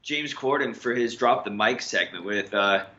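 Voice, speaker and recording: Male podcast co-host, bright tone, teasing banter, dull lo-fi recording. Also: on the low side, normal speed. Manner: jokey, teasing. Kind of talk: casual chat. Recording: dull lo-fi sound.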